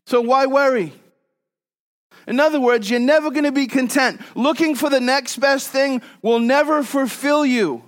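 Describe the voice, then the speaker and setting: A pastor with a very high-pitched male voice preaches at normal speed in a conversational manner. Scripture sits alongside joking stories from his life, and his volume rises and falls between loud and soft.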